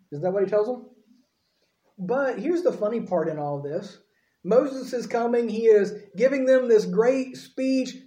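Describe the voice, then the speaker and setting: High-voiced preacher in an echoey church. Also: male voice, mellow. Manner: folksy, conversational preaching with frequent asides. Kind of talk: sermon.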